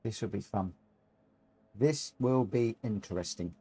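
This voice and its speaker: A man's voice: on the low side, unhurried, warm tone, slightly rough. A man giving chatty live commentary while streaming a racing game, talking to himself and his viewers with eager exclamations.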